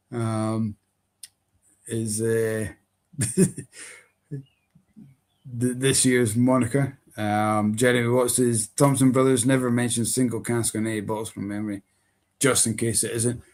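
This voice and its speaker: A man's voice: medium pitch, steady tone, measured pace, pauses often. A man co-hosting a casual live-stream chat, rambling with many hesitations. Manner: rambling, hesitant, lots of ums. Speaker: whisky shop co-host.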